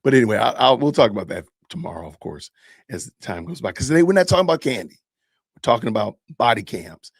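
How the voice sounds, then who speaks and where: A male podcast host in his fifties talks in a casual, joking way and chats with his live audience. His pitch swings widely as he reacts. The sound is close and dry, with no room around it. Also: sing-song, quick pace, creaky, breathy edge, no room sound. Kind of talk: casual commentary on videos.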